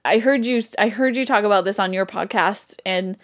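A woman's voice: mid-range voice, normal speed. A young adult woman co-hosting a podcast in casual chat, chatty and eager to tell stories. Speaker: podcast co-host.

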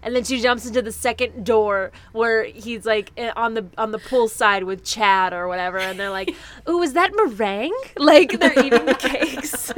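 A woman's voice: a little high, moderate pace. A woman hosting a casual chat, enthusiastically retelling scenes in quoted voices.

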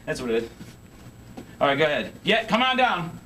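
Fairly high-pitched, brisk and very animated, this man's sharp voice has a slight hiss or hum behind it. As a music store owner hosting a local TV show from the store, he jokes and rambles through on-camera chatter and calls, tired and short of breath.

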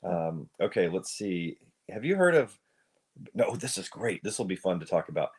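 A man's voice: sits low, big pitch swings, moderate pace, a little mellow, breathy edge. A man co-hosting an audio-only podcast, reading from an article in a playful, teasing way. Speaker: podcast co-host. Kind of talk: casual podcast chat.

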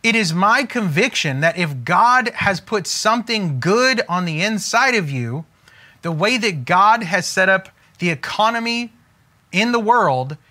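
A man giving an emphatic, preacher-like motivational talk as a business coach, slowing down to stress key phrases. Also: high-pitched, animated, pushed and bright.

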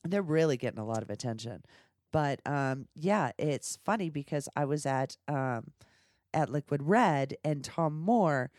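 A woman's voice: low-pitched, animated, measured pace, a little mellow, no room sound, clean studio sound. A woman hosting a podcast, telling frank, bawdy stories in a crude casual chat and laughing often. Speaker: podcast host.

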